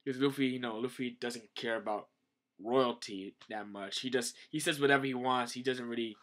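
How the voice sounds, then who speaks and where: A man's voice: mid-range voice, normal speed, a bit bright. A man casually recapping a manga chapter, rambling with lots of likes and ums. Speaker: manga reviewer.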